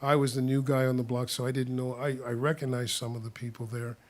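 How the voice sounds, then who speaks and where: A man's voice: medium pitch, little pitch movement, fast. A man casually telling stories about his past, rambling with restarts and chuckling often as he talks. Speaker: storyteller. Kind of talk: casual spoken storytelling.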